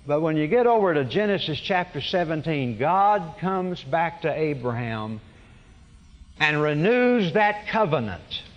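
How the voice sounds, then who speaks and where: A man's voice: on the high side, animated, a little slow, muffled recording. Man preaching in a reverberant hall. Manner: conversational storytelling with wry humor and frequent restarts. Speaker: pastor. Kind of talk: sermon.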